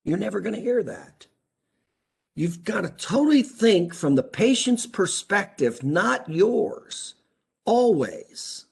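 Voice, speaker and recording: Man, husky voice, emphatic coach, rhetorical questions, training critique. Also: sits high, big pitch swings, slow. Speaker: practice coach for chiropractors.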